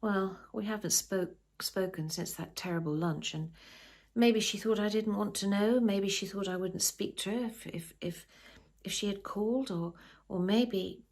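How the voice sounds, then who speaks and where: A woman's voice: mid-range voice, unhurried, a little mellow. A woman reading the lines of a troubled young mother in a storybook, rueful and wry. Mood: shaken. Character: troubled young mother, estranged from her family.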